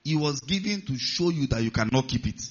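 A man's voice: mid-range voice, lively intonation, brisk. A male pastor preaching a sermon, stressing key words and putting questions to the congregation. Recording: slightly muffled recording.

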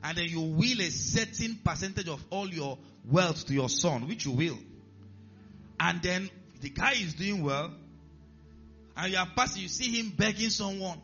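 Nigerian male pastor, bright and forceful delivery, swings from low mutters to shouts, muffled lo-fi recording with faint music behind. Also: moderate pace. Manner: animated preaching, acting out characters, rising to shouts. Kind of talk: sermon. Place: church.

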